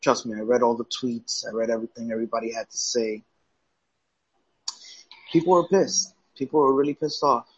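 Husky, rambling man on dull audio. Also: mid-range voice, fairly even intonation, brisk, long pauses, dry recording. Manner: loose, profane, rambling with restarts. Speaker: podcast co-host. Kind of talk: casual wrestling chat.

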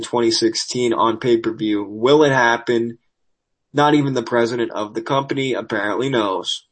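A podcast host with a mid-range voice reads out wrestling news, tossing in sarcastic asides while his voice gives out. It's casual news commentary, and the recording quality is low.

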